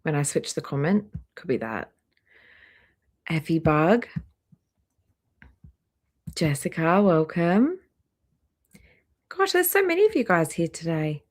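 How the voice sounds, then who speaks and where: A woman hosting a casual live stream, chatty and greeting viewers by name one after another, a little hoarse, talking into a laptop microphone indoors. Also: deep voice, sing-song, takes it slowly, pauses often. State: slightly hoarse, clearing throat. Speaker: livestream host. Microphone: laptop microphone near trackpad.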